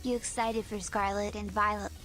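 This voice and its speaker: A synthetic female text-to-speech voice reading chat messages in a flat way. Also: mid-range voice, normal speed, soft background music.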